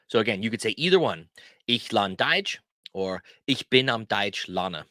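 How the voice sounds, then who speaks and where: A man teaching language phrases in a casual lesson, repeating each phrase slowly and clearly for learners in a friendly, chatty way. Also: on the low side, expressive, bright, forceful tone, no echo, studio quality.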